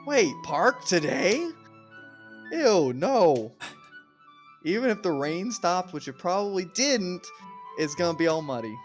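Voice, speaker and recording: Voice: mid-range voice, sing-song, slow pace, long pauses. Streamer doing a grumbly kid, whiny, mid voice that bounces around, faint music. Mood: complaining. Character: grumpy, cautious third-grade kid. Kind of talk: reading game lines aloud.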